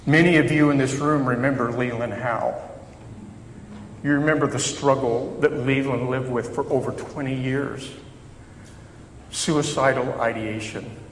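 A man's voice: medium pitch, steady tone, a little slow. A man, a chaplain, preaching a sermon in a church in a conversational, reflective way with self-deprecating humor. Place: church sanctuary. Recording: echoey hall reverb, faint background noise.

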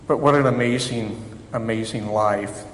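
A chaplain with a somewhat low, slightly bright voice speaks a little slowly as he preaches. His sermon is reflective and chatty, with self-deprecating humor, given in a church sanctuary. Echoing hall reverb and faint background noise are present.

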